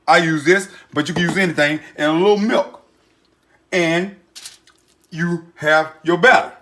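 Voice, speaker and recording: A man hosting a home cooking show, telling stories loudly and boastfully. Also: sits high. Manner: boisterous, loud, boastful storyteller. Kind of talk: storytelling and cooking demo.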